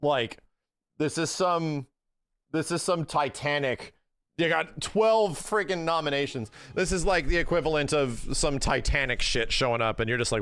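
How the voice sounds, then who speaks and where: A man's voice: a little high, unhurried, a bit bright, clean tone, dry recording. A man live-streaming, chatting casually with his viewers, rambling through opinionated takes and swearing freely.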